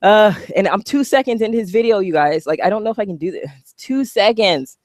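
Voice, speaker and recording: A woman's voice: medium pitch, lively intonation, fairly quick, no echo, clean studio sound. A woman giving a heated, profane, sarcastic rant while reacting to a video. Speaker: online commentator. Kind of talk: ranting reaction commentary.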